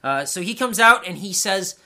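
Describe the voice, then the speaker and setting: Bright-voiced sarcastic man talking wrestling. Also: sits high, expressive, moderate pace. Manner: sarcastic, mocking impressions, swears. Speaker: podcast co-host. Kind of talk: casual wrestling chat.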